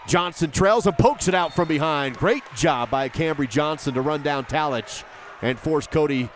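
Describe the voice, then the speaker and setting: A man calling a high school basketball game play by play, rapid and rising with each basket. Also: a little hiss or hum. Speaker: play-by-play commentator. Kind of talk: live basketball commentary.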